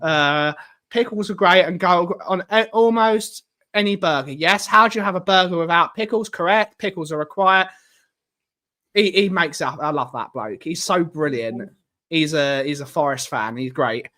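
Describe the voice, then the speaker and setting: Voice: mid-range voice, moderate pace, bright, forceful tone. A host in a casual live-stream chat, ranting emphatically with strong opinions.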